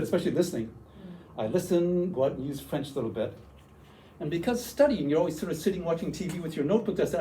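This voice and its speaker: An older man from Canada giving a conference workshop talk, an animated storyteller who acts out his younger self in quoted lines. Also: on the high side, slight background noise, low-quality recording. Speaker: workshop presenter. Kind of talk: conference talk with personal stories. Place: conference room.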